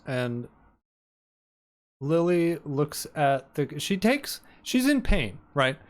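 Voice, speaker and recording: Deadpan, profane man podcaster. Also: a little high, slow. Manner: deadpan and profane, acting out characters' lines. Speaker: podcast co-host. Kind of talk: casual book club chat.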